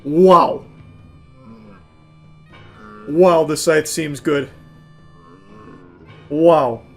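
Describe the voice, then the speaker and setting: A man giving live gaming commentary, breaking into excitable shouted outbursts and profane, self-mocking asides. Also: fairly high pitch, very slow, soft background music. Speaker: gaming streamer.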